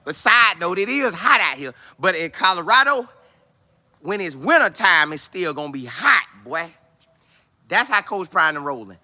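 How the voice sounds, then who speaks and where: A man vlogging outdoors with no studio, talking sports in an excitable, repetitive way full of preacher-like exclamations. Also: sits high, normal speed. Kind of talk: casual hyped-up monologue to camera.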